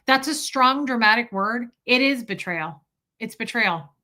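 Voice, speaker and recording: A woman's voice: a little high, animated, a little slow, bright, forceful tone. A woman hosting a casual livestream, talking candidly and emotionally, laughing often and swearing freely as she answers her chat. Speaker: livestream host.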